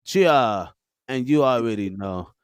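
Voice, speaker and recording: A man's voice: medium pitch, a little fast, clear, resonant tone, no room sound, studio quality. A man co-hosting a podcast, welcoming listeners and telling stories with friends in a joking manner. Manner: animated, storytelling, joking. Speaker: podcast co-host. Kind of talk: casual chat.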